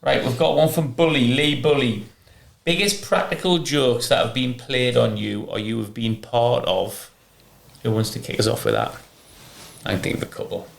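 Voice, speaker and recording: A man's voice: medium pitch, moderate pace, vocal fry. A middle-aged man hosting a casual podcast, chatty and laughing through his anecdotes. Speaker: podcast host, ex-footballer. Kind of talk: casual chat and storytelling. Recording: echoey room with faint noise.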